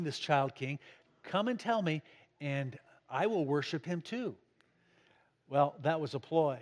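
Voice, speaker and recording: A pastor preaching a sermon to his congregation, raising his voice for emphasis and asking them questions. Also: long reverb tail. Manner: dynamic preaching, pitch and volume rising for emphasis, asks the congregation questions. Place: church.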